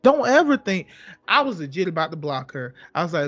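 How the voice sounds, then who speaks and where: A young man co-hosting a podcast, telling stories in a casual, animated way, swearing freely and repeating himself for emphasis. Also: a little high, fairly quick, no room sound, soft background music. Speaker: podcast co-host. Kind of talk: casual storytelling chat.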